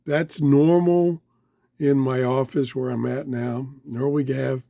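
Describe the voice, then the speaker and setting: A man with a voice going hoarse, chatting excitedly as he tries out a small radio in his home office. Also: mid-range voice, slow pace, no echo. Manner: chatty, easily excited, talks while fiddling. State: losing his voice, throat-clearing. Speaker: radio reviewer. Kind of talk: casual hands-on product review. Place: home office full of electronics.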